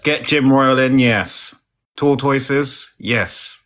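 A man's voice: mid-range voice, drawn-out words, a bit bright. A man chatting casually on a live stream, posh and theatrical, fond of old-fashioned words. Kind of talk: casual live chat reading comments.

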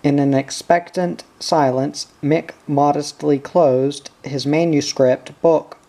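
A man reading an audiobook in a measured, even narration. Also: fairly high pitch. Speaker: audiobook reader.

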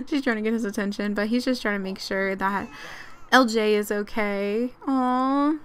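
A young woman giving chatty, excitable let's-play commentary with frequent giggles. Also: fairly high pitch, unhurried, smooth. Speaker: gaming channel host.

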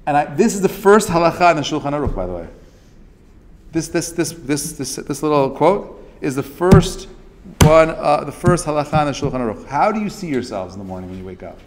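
A man's voice: a little high, big pitch swings, fairly quick, slight background noise. A man giving a casual, interactive class. He talks loosely, with many fillers and restarts, and acts out the quotes he tells. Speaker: Torah class teacher.

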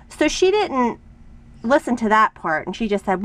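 A young woman chatting casually as she shows off a craft haul at home, rambling and gushing with excitement. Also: fairly high pitch, quick pace. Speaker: craft vlogger. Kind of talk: casual show-and-tell haul.

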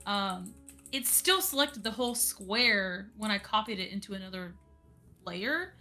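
A woman chats loosely on a live stream, rambling along with plenty of fillers. Her voice is bright and mid-pitched. Faint music plays behind her. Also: animated, unhurried. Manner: chatty, rambling with many fillers. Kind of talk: casual live-stream chat.

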